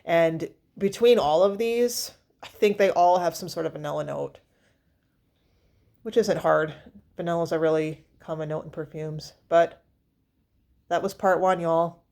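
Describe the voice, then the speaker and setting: A woman with a slightly low voice talks casually to her viewers about perfume. She rambles a bit, with fillers, restarts and trailing thoughts. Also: a little slow, creaky, long pauses, mellow. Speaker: perfume vlogger. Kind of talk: casual chat.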